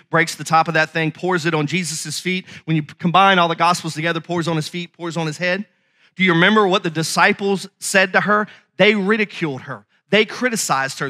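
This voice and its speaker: A male pastor preaching a sermon with passion, asking his congregation questions and rising to shouts. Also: sits high.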